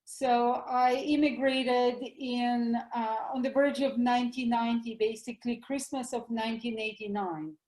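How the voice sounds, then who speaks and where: A woman's voice: fairly high pitch, fairly even intonation, moderate pace, few pauses, darkish tone, echoey room, low-quality recording. A middle-aged woman with a Russian accent, a doctor speaking as a guest in an interview, earnest and enthusiastic. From former Soviet Union. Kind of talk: interview over the line.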